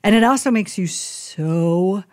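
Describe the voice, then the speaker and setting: A woman chaplain telling stories in a casual podcast interview, animated and acting out the people she quotes. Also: medium pitch, a little slow, dry recording, clean studio sound. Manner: animated storyteller who acts out quoted people.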